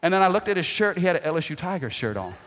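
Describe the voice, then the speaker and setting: Animated pastor in a reverberant church. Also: male voice, sits high, rapid-fire. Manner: animated storytelling, shouting out quoted lines. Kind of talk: sermon. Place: church sanctuary. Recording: long hall reverb.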